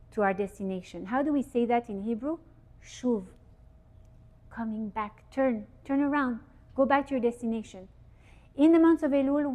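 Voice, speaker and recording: Woman speaker, fairly high voice, animated religious teaching, quizzes the audience. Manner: lively, asks the audience questions. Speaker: speaker giving a Torah talk. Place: event hall with audience.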